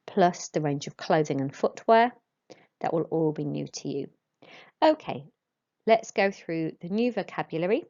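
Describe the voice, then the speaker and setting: Woman teacher going slow over french words, lowish voice, kinda dull lo-fi sound. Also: very animated, darkish tone. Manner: slow, careful modelling of pronunciation for pupils. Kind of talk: recorded classroom lesson. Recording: dull lo-fi recording.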